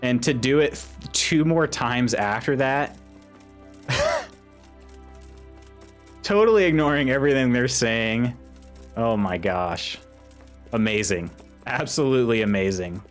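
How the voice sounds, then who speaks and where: Male game streamer, mid-pitched, giggly, chatty, faint music behind. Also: very animated, slow, long pauses. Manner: giggly, exclaiming, reading chat aloud. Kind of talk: casual live-stream commentary.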